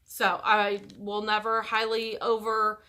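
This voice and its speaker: A woman's voice: medium pitch, monotone, slow, sharp tone. A middle-aged woman talking casually to camera, chatty and rambling, often stopping and restarting her sentences. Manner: chatty, rambling, self-interrupting. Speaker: YouTuber.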